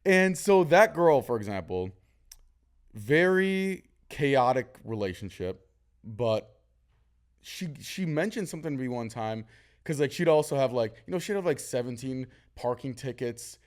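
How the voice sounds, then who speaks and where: A man hosting a casual podcast conversation, candid and storytelling, lively when he quotes others. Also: medium pitch, unhurried.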